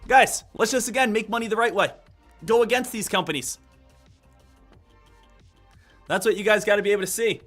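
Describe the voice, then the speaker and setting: A man giving live stock trading commentary in an energetic way, hammering home points with repeated phrases. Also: sits high, brisk, long pauses, faint music behind.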